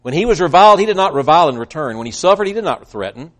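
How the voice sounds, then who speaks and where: A man's voice: a little high, sing-song, racing. A male preacher giving a sermon, earnest and emphatic, quoting scripture at length.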